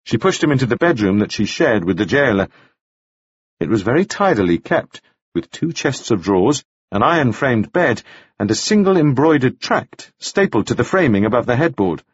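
A man narrating a novel in measured, expressive storytelling. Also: mid-range voice, husky, dry recording, muffled recording. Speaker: audiobook narrator. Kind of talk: scripted narration.

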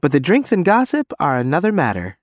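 A man's voice: on the high side, huge pitch swings, a little fast, no room sound, studio quality, pitched above the performer's own voice. A man reading as a wry young woman narrator, speaking her lines in a raised voice.

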